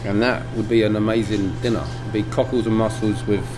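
A middle-aged man from England, a butcher shop owner talking in a documentary interview, relaxed and reflective with many ums and restarts. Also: fairly low pitch, fairly quick. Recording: air conditioning hum behind.

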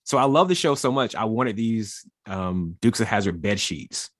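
A man from the American South recounts a childhood memory in a loose, casual way. His voice is a little low and the sound is dry. He leans on fillers as he talks. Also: expressive, moderate pace, a bit bright, no room sound. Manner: casual, frequent fillers like "like" and "you know". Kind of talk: personal storytelling.

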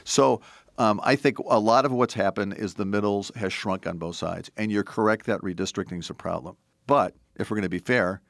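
A middle-aged man speaks in a very low voice with a gravelly edge. He sounds earnest and discursive as he tells stories in an interview. The recording is dry and close, with no room echo. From Wisconsin. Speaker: podcast host and former politician. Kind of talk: conversational interview.

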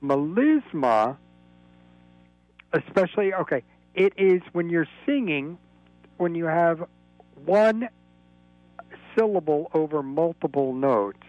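A man's voice: on the high side, big pitch swings, slow pace, pauses often, darkish tone, no room sound, muffled recording. A man calling in to a radio talk show from Florida, explaining at length in a rambling, lecturing way. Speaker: caller. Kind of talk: call-in radio chat.

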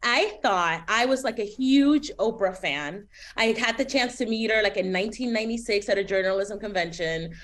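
A woman's voice: mid-range voice, normal speed, hardly any pauses. A woman in her forties from Miami, with a Miami accent, chatting as a guest in an interview with lots of fillers. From Miami, United States. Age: 40s. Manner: chatty and animated, with many fillers. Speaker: TV writer, guest.

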